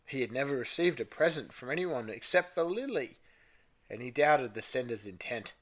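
A man's voice: mid-range voice, animated, moderate pace. A man co-hosting a podcast, reading fanfiction aloud in a playful way. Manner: playful, breaks into laughter while reading. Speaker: podcast co-host.

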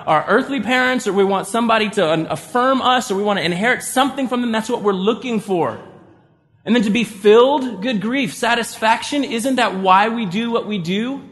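A man's voice: high-pitched, fairly bright tone. A man preaching a conversational sermon as pastor, acting out inner voices with little sighs. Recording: long reverb of a church hall.

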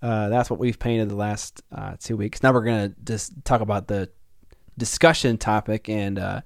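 A man's voice: on the low side, steady tone, normal speed, gravelly, dry recording, clean studio sound. A man co-hosting a casual hobby podcast, joking and laughing often, sometimes catching on a word. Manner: joking, laughs often, occasional stumbles on words. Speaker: podcast co-host.

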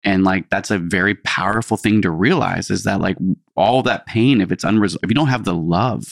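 Low gravelly-voiced man telling a story. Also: a little fast, dry recording, clean studio sound. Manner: storytelling, acts out quoted voices. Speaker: podcast co-host. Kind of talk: casual chat.

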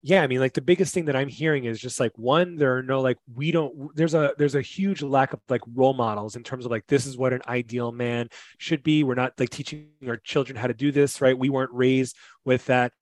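A man's voice: mid-range voice, fairly even intonation, brisk, no echo. A man with a mid-range voice speaks casually and thoughtfully, stringing ideas together with plenty of "like" fillers. The recording is dry and close. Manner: casual, thoughtful, heavy use of "like". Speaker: podcast guest and father. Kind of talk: casual conversational podcast.

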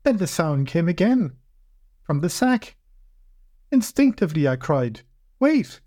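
Man narrating a first-person fantasy tale, measured and reflective, slightly high voice. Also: very animated, a little mellow, no room sound, clean studio sound. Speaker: podcast narrator.

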